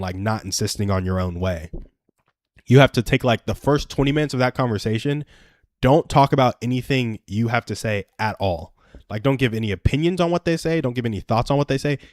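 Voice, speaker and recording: A man's voice: medium pitch, brisk, no echo. Young guy on a live stream telling stories n giving advice, earnest, pokes fun at himself, mid voice, dry room. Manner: earnest, storytelling, self-deprecating. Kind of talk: casual advice chat.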